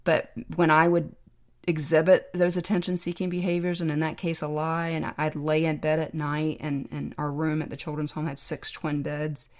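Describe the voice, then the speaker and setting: A woman, a podcast guest, telling a personal story in a reflective, heartfelt, measured way. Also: low voice, level tone, a little mellow.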